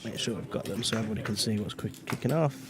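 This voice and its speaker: A man co-commentating a live poker stream in a relaxed, chatty way, laughing often. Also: on the low side, very fast. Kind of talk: casual live commentary chat.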